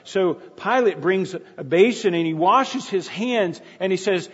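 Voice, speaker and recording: A man's voice: high-pitched, animated, a little slow, hardly any pauses, slightly rough. A man preaching a sermon, retelling a story in a plain storytelling way with frequent restarts. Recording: dull echoey hall.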